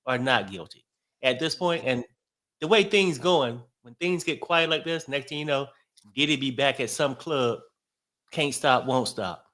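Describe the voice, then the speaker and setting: A man's voice: mid-range voice, measured pace, a bit bright. A man co-hosting a casual chat, laid-back and slangy.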